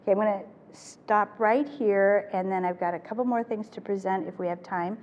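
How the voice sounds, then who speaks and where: Older woman, parenting workshop presenter, animated delivery, reverberant hall, faint background noise. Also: medium pitch, normal speed, highs cut off. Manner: animated, acts out quoted phrases. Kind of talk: live parenting talk to an audience.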